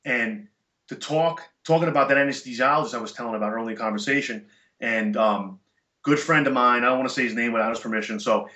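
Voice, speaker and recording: A middle-aged man, a podcast guest, telling stories in casual chat, animated and emphatic with blunt profanity. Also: mid-range voice, fast talker. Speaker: podcast guest, chiropractor and jiu-jitsu black belt. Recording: echoey room, dull lo-fi sound.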